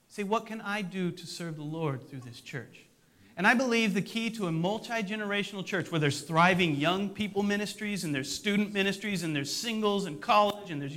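Bright-voiced man preaching a sermon. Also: high-pitched. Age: middle-aged. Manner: conversational, self-deprecating humor. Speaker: pastor.

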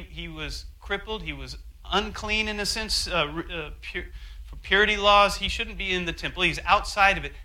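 A man preaching a sermon, telling a story with animated asides and acting out quotes. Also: sits high, poor audio. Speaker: pastor.

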